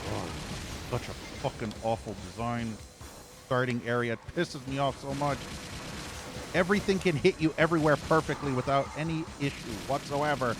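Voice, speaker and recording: A man's voice: medium pitch, moderate pace, noisy background. A man streaming a shooter game, giving live commentary with frequent profane, frustrated rants. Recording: game music and gunfire behind.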